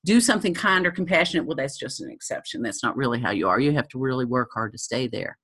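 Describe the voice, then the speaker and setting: A woman giving a thoughtful teaching talk, halting often with ums. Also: rumbling low, animated, fairly bright tone, husky.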